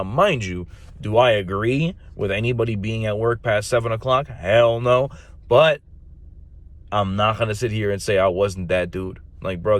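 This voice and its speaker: A man in his thirties, a Marine recruiter, talking casually and bluntly with profanity and slang. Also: low-pitched. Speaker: podcast host, Marine recruiter. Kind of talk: casual chat.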